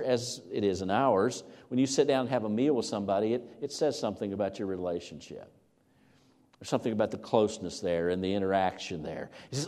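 Pastor guy preaching, warm lowish voice, big echoey church hall. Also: fast. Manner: earnest, rises to loud emphatic peaks on scripture. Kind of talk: sermon. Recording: long reverb of a large hall.

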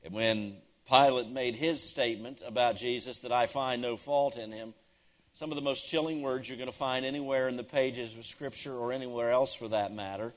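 A man preaches in a mid-range voice, neither high nor low. He drives his points home by repeating phrases and swings from ringing, emphatic declarations down to hushed, near-whispered lines. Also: steady tone, moderate pace. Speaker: pastor. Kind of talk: sermon.

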